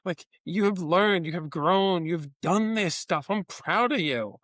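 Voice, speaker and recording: A business owner with a fairly high voice, telling stories with real animation. He acts out both sides of the conversations in his anecdotes. The sound is dry and close to the mic. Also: expressive, a little slow, a bit bright, no echo. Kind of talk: conversational storytelling.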